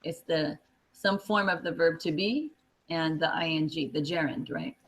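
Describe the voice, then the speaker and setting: A woman's voice: low-pitched, measured pace, slightly rough, low-quality recording. A woman teaching a classroom lesson, explaining patiently step by step with many fillers. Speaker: Spanish teacher.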